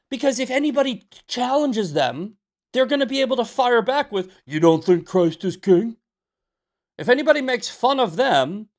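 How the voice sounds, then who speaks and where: A man hosting a live political commentary show, talking emphatically, repeating himself and reading from the chat with sarcastic asides. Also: very high voice. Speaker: livestream political show host.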